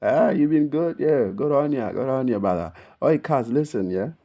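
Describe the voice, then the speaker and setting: Casting: a man playing a cheery broad-Aussie bloke; loud, high and exaggerated. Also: animated, moderate pace, natural voice. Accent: broad Australian. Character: over-the-top cheery Australian bloke, adult man.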